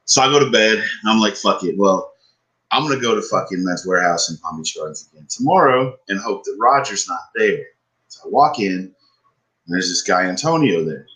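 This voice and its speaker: A man's voice: sits low, normal speed, poor audio. A man, podcast co-host, telling a story in casual chat, swearing often and ranting with frustration. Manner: profane, animated, frustrated ranting.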